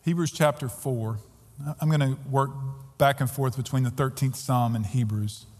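A man's voice: medium pitch, normal speed, darkish tone. A pastor preaching a sermon earnestly and emphatically, often repeating his words as he goes. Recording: long hall reverb.

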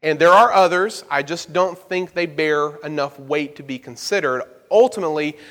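A man's voice: fairly high pitch, moderate pace, fairly bright tone. A man preaching a Bible-study sermon, explaining verses emphatically and turning to the listeners with asides. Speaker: pastor. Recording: long hall reverb.

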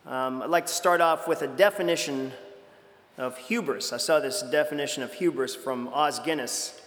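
A man's voice: mid-range voice, normal speed, fairly bright tone, big-room sound. A man preaching a sermon in a conversational way, acting out quoted lines with dramatic shifts.

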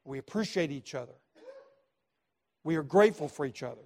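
A male pastor delivers a sermon in a somewhat high voice. He drives his points home by repeating key phrases, dropping to near-quiet asides before rising to forceful stresses. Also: expressive, brisk, vocal fry. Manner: emphatic, repetitive, swings from quiet to loud.

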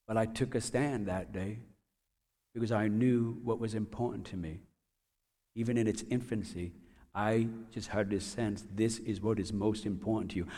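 A man's voice: medium pitch, darkish tone, big-room sound. A man giving a personal testimony in a casual storytelling way, rambling with restarts and repeated words and often chuckling as he talks. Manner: chuckles often while telling.

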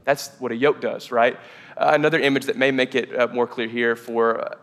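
A man preaching a sermon in a church hall, casual and energetic, with lots of "like" fillers. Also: medium pitch, a little fast. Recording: long hall reverb.

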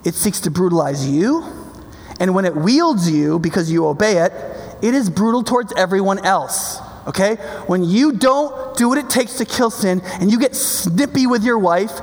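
A man's voice: high voice, animated, normal speed, long reverb tail. A man preaching a sermon in an emphatic, conversational way, often checking in with his listeners. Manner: emphatic, conversational, keeps asking "right?".

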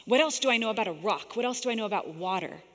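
A woman preaching a sermon in a lively, conversational way, often laughing and dropping to a whisper for quoted lines. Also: mid-range voice, racing. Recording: long hall reverb.

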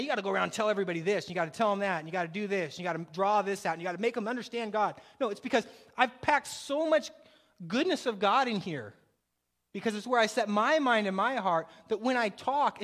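A pastor preaching a sermon, with emphatic repeated phrases and a delivery that swells and drops. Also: male voice, high voice, fairly bright tone. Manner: preaching with rising and falling intensity, repetitive emphatic phrasing.

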